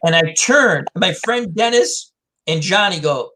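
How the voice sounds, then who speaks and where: A man's voice: on the high side, big pitch swings, measured pace, bright, forceful tone. A man hosting a casual chat, rambling through self-deprecating stories. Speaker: host. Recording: faint background noise.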